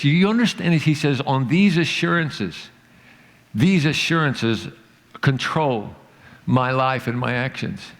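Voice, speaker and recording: A pastor delivering a sermon in a high, ringing voice. He preaches emphatically, swinging between loud peaks and quiet, drawn-out lines. The sound carries a long church-hall reverb. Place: church sanctuary.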